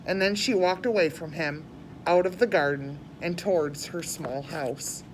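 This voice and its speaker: A woman's voice: fairly low pitch, unhurried, a little hiss or hum. Woman reading a storybook aloud, plain delivery, small restarts. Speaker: reader.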